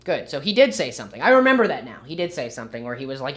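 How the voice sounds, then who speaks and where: A man's voice: mid-range voice, sing-song, quick pace, fairly bright tone. A young man streaming and commenting casually, with a rambling, sarcastic manner. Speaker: livestreamer.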